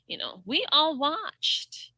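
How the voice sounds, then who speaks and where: A high, swooping, singsong voice of a female politician, rambling in slurred circles, as a woman puts her on. Lines rise into bright peaks and trail off without landing. Each sentence loops back on itself. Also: sing-song, takes it slowly, dry recording, exaggerated voice, rough recording. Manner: slurred, circular, singsong phrasing.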